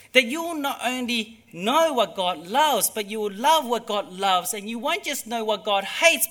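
A man preaching a sermon, emphatic, moving between hushed and loud delivery. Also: very high voice.

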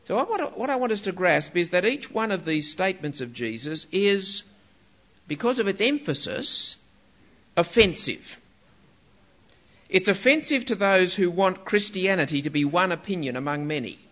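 A man's voice: high-pitched, very animated, normal speed, a bit bright. A man preaching a sermon, emphatic and stressing single words, on a dull lo-fi recording.

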